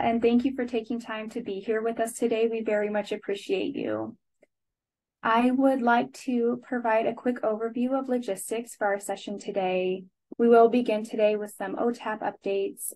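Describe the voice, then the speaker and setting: A woman's voice: a little high, warm tone, poor audio. A woman moderating a webinar, reading logistics and introductions in a polite, formal way. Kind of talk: scripted announcements.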